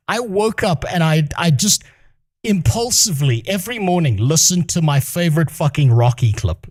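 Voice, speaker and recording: A man streams a storytime rant, heated and full of profanity, in a voice sitting a little above the usual male range. He talks casually and fast between bursts of anger. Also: on the high side, animated. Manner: profane, heated, swears constantly.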